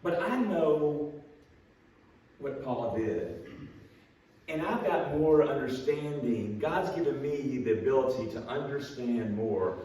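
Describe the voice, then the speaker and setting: A man with a drawl teaches a Bible class in a plainspoken, folksy way, quick to poke fun at himself. His voice comes from well off the mic and rings around a very echoey church room. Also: mid-range voice, lively intonation, mellow, distant mic. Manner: folksy, plainspoken, self-deprecating. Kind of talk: storytelling Bible class lesson.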